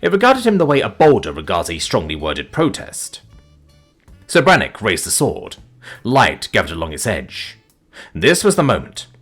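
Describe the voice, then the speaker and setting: A man narrating a comic fantasy story with wry, deadpan asides. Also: on the low side, moderate pace, soft background music.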